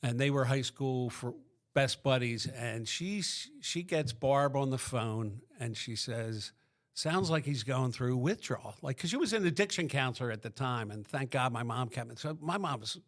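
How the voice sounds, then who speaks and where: A man's voice: mid-range voice, expressive, moderate pace. A middle-aged man from Pennsylvania, a podcast guest, tells his recovery story in a rambling way, full of restarts.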